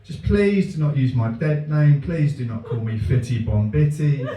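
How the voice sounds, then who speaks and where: A man doing a deadpan, self-mocking stand-up set in a comedy venue. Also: medium pitch, moderate pace, crowd noise. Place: comedy venue with a live audience. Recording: echoey room, mic at a distance.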